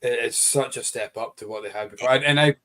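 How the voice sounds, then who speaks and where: A man's voice: medium pitch, quick pace, bright, forceful tone. A man co-hosts a casual live-stream chat. His talk is playful and full of jokes. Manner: jokey, playful banter.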